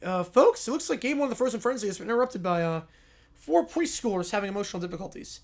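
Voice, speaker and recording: A man voicing a hockey announcer in quick broadcast patter. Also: high-pitched, big pitch swings, creaky, exaggerated voice. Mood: announcing. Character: hurried male hockey announcer.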